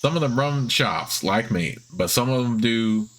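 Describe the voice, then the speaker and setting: A man's voice: medium pitch, lively intonation, unhurried, fairly bright tone. A man voicing a wary, bitter male shopkeeper in a role-playing game, curt and guarded.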